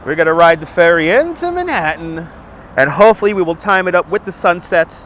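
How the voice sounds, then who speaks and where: Man, livestream host, outdoors, phone on gimbal, slightly higher voice, stuffy nose, upbeat, faint street noise. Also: lively intonation, fairly quick, fairly bright tone. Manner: chatty, upbeat, reads out viewer names. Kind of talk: live walking stream, greeting chat.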